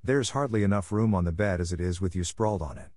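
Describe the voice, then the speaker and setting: A man's voice: low voice, fast, a little mellow, no echo, clean studio sound, natural voice. A man voicing a cheeky, grumpy young ginger tomcat who talks back sulkily. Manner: cheeky, sulky.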